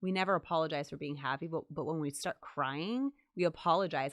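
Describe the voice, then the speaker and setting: A woman's voice: low-pitched, fast, hardly any pauses, no room sound, clean studio sound. A woman co-hosting a conversation, asking curious, engaged questions. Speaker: podcast co-host. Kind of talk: conversational interview.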